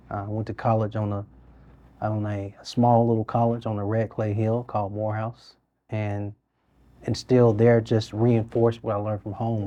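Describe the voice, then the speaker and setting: A man, speaking in an earnest, reflective way as a guest in a studio interview. His voice sits low and mellow, and his pitch stays fairly flat and even as he talks. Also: no room sound. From Birmingham, Alabama. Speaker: mayor. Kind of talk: interview conversation.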